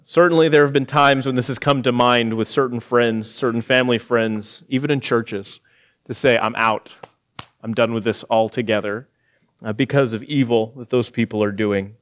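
A middle-aged man preaching an evening sermon, reading scripture and turning animated and emphatic, with laughing asides. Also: medium pitch. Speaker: pastor.

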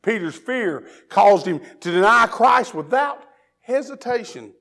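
A man from Tennessee with a Southern accent, preaching a sermon that moves from hushed prayer to loud, fervent preaching. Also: high voice, lively intonation, measured pace, vocal fry.

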